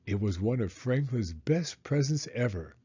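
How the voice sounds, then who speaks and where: Brief: male storybook reader, mellow and a bit husky, lively delivery, dull lo-fi audio. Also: mid-range voice, a little slow. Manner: expressive, animated reading. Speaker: children's book reader. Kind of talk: storybook read-aloud.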